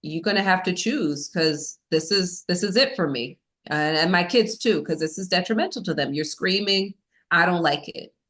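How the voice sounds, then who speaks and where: A woman's voice: lowish voice, moderate pace, fairly bright tone, natural voice. A woman quoting her fed-up husband as he gives a firm, blunt ultimatum, in her own voice.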